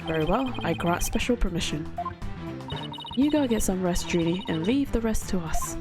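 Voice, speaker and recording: Woman voicing a kindly old judge man, formal and measured, low voice, game music under. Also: lively intonation, natural voice. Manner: formal, measured court phrasing. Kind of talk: reading game dialogue aloud on stream.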